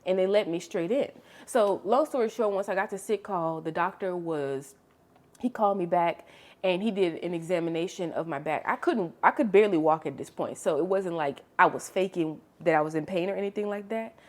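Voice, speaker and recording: A young adult woman vlogger telling a story in casual, chatty storytime style. She is expressive and animated, and she calls the listener honey and girl. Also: on the low side, brisk. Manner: animated, expressive storytelling with sharp swings in loudness.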